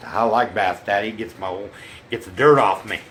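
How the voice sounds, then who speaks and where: A man voicing his contented female pet dog in a low, hushed tone. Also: normal speed, slight background noise, close to an everyday voice.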